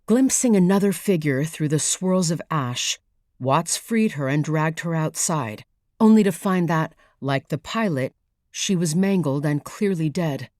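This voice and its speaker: A woman narrating a thriller audiobook in a measured, even storytelling manner, read close to the mic. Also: low voice, dry recording. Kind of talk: scripted narration.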